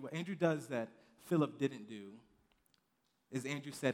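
A man delivers a relaxed, conversational sermon to a youth group, repeating and restarting words as he goes. He acts out quotes and asides in lively little voices. His voice carries a long hall reverb. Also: medium pitch, moderate pace. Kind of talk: casual sermon.

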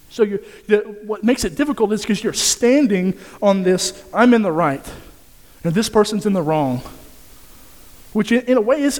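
A man preaching to his congregation with a somewhat high voice, speaking directly and repeating lines to press his point home. His words ring out with a long reverb in a church hall. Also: a little mellow. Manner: earnest and direct, repeating phrases for emphasis. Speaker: pastor. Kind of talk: sermon.

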